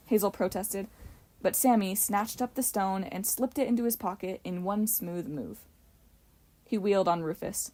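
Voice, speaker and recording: A woman reading a novel aloud for a homemade audiobook. She carries the story at an even, steady storytelling pace, with a voice of ordinary pitch. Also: normal speed. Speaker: audiobook narrator. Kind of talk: amateur audiobook narration.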